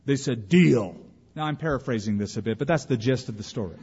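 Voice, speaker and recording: A man's voice: mid-range voice, quick pace, a little mellow, slightly rough. A man preaching a sermon as a pastor, telling stories and acting out the voices he quotes. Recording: dull audio with long hall reverb.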